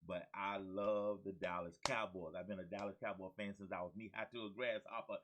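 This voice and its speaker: A man's voice: on the low side, steady tone, a little fast, few pauses, fairly bright tone, rough recording. A man, hosting his own show as a motivational coach. He talks with exuberant energy, repeats his key phrases and calls out to his listeners like a preacher. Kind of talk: energetic motivational talk to camera.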